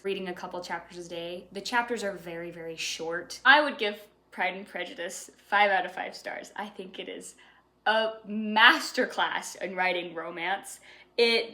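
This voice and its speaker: A woman in her twenties giving a chatty, sassy, animated book review vlog. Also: mid-range voice.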